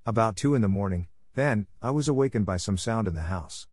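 A man narrating a first-person story as an audiobook, in a measured, earnest way. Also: fairly low pitch, lively intonation, darkish tone, no echo, studio quality.

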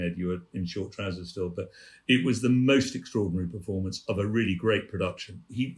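Older man telling theatre stories. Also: lowish voice. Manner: leisurely, amused, acts out the people in his stories. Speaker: guest, theatre producer. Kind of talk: anecdotal storytelling.

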